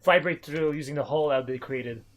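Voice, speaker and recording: Male co-host, quick and emphatic, slightly high voice. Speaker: podcast co-host. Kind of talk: casual chat.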